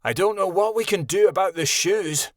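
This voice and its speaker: A man voicing a bossy, practical young male wolf who gives brisk orders. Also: high voice, no echo, voice pushed up, close to an everyday voice.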